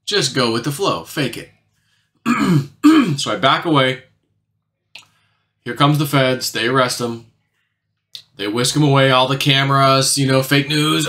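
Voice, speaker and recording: Recounting a dream to his viewers, this male channel host has a clear, ringing voice and a meandering, casual style full of "you know" fillers. He talks a little slowly with long pauses, and his voice frequently sinks softer when he wants to emphasize something.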